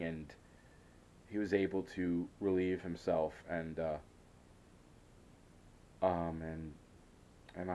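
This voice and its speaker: A man's voice: low-pitched, a little mellow. A man telling a rambling, hesitant story in a casual vlog, often frustrated and full of restarts. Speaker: vlogger.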